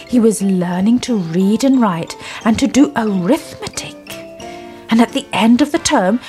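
A woman reading a children's story aloud in an expressive, sing-song way. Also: fairly high pitch.

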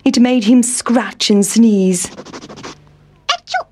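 A woman reading a children's story aloud in a gentle, clear storybook manner. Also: on the high side, slow pace, slight background noise.

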